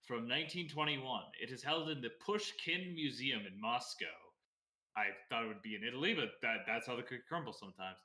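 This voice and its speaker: A man's voice: medium pitch, roomy sound. A man co-hosting a casual art history chat, reading passages aloud and stumbling over words. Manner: relaxed, laughs easily, stumbles on words.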